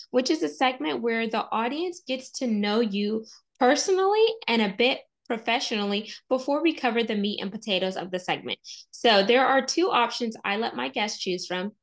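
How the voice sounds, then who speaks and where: A woman's voice: a little high, fairly bright tone. A woman hosting a podcast interview, who introduces her guest with enthusiasm. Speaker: podcast host.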